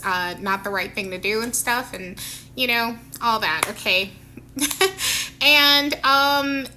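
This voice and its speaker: A woman's voice: fairly high pitch, bright, forceful tone, a little hiss or hum. A woman telling a personal story in a casual, rambling vlog, full of fillers and self-corrections.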